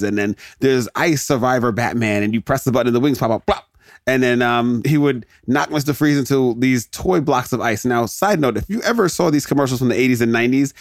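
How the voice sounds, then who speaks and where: A man's voice: medium pitch, no echo. Rambling jokey man, dry close mic. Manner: rambling, jokey, self-interrupting. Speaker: podcast host. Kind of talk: casual solo rant.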